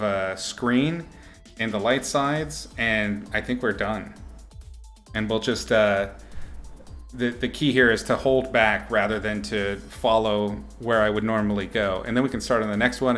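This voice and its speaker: Laid-back male artist streaming, low voice. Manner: relaxed, chatty, laughs often, reads out chat names. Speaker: artist streaming a painting lesson. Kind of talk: casual live-stream commentary while painting.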